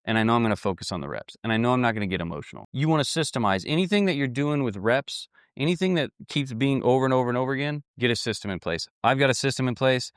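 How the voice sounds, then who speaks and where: A man's voice: mid-range voice, lively intonation, quick pace, few pauses, clear, resonant tone, dry recording. Guy giving a pep talk, blunt and folksy, dry close sound. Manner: blunt, folksy, repetitive with restarts. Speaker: online business coach. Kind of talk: motivational talk to camera.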